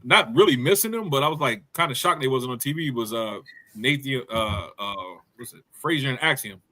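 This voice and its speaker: A man's voice: medium pitch, expressive, a little fast, pushed and bright. A man co-hosting a casual wrestling review podcast, rambling and slangy with lots of fillers. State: hiccups. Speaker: podcast co-host.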